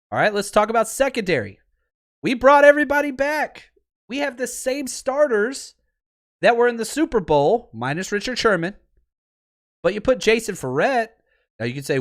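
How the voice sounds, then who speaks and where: A man hosting a fan podcast on a livestream, ranting with heat about his team and then answering chat in a looser, easy way. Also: high voice. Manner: fired-up, animated fan ranting, then laid-back reading of chat. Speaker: podcast host; high school football coach. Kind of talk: livestream podcast talk with chat shout-outs.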